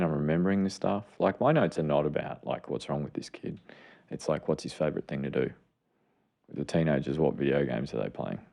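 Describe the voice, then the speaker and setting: A middle-aged man with a very deep, gravelly, dark voice. He co-hosts a podcast and explains things earnestly and with open enthusiasm, in a casual tone. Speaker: podcast co-host, clinician. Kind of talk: casual chat.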